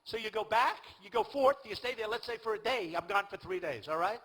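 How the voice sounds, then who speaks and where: An older man holds forth at a political rally, boastful and repetitive, looping back to the same points. His voice is husky yet bright and sits high for a man. The speech comes through a rally sound system. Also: expressive, brisk, rough recording. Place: large outdoor rally venue.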